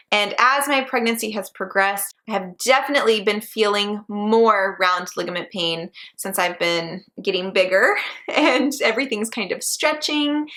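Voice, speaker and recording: A woman's voice: mid-range voice, pushed and bright. A woman in her twenties chatting in a casual vlog, bubbly and chatty, and laughing often. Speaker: vlogger.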